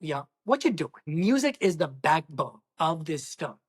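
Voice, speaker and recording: A woman giving a casual movie review, excitable and exclamatory, talking straight to her viewers. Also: deep voice, a little slow, slightly rough. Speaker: film reviewer.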